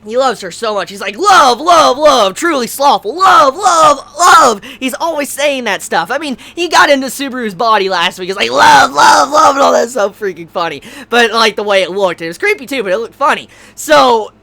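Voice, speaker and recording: A woman giving a casual, animated anime episode review, swearing freely and breaking into loud outbursts. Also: on the high side, brisk, few pauses.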